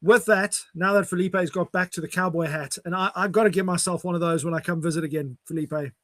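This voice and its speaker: A man's voice: high-pitched, steady tone, a little fast, a bit bright, no room sound. A man hosting a casual online chat, talking in a chatty, upbeat way over a video call. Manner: chatty, upbeat sign-offs. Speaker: host.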